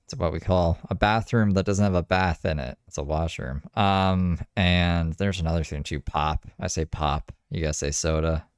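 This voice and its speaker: A man's voice: deep voice, normal speed, few pauses, clean tone, dry recording, studio quality. A Canadian man streaming live, chatting and joking with his viewers in a loose, casual way.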